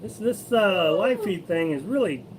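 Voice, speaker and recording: High-voiced man chatting on a live stream. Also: animated, a little slow, noisy background. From Missouri. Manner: rambling and opinionated, with frequent restarts and fillers. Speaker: host of a live-streamed RV living channel. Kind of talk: casual live-stream chat, answering viewer comments.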